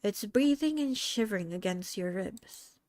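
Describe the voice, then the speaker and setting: A young woman gently reading a second-person story as a VTuber storyteller, soft and slightly halting. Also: medium pitch, animated, no room sound, studio quality. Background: soft background music.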